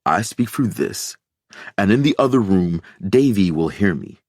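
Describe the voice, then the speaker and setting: Reassuring middle-aged doctor, read by a male narrator, slow, deep, a bit husky. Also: expressive, a little mellow, no room sound, clean studio sound, exaggerated voice. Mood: explaining. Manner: slow, soothing, reassuring baritone.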